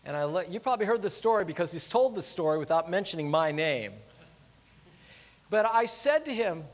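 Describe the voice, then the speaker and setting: A middle-aged pastor preaching a conversational, earnest sermon in a church. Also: male voice, high voice, animated, fairly quick, in a large hall. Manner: earnest, conversational, drops soft when pleading.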